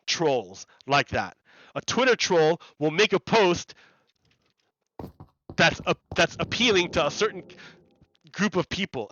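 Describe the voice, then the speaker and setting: A man's voice: on the high side, bright, forceful tone, dry recording, dull audio. A man chatting casually on a live game stream, rambling and repeating words as he explains ideas to his viewers. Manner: rambling, repeats words and restarts, laughs often.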